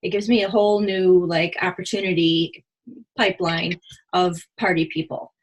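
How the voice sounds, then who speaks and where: A husky-voiced woman chats quickly and animatedly, trading sales tips with her team. She acts out little quoted exchanges as she goes, in an easy, friendly meeting tone. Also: fairly low pitch, level tone, low-quality recording. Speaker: jewelry consultant sharing tips. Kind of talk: casual team meeting chat.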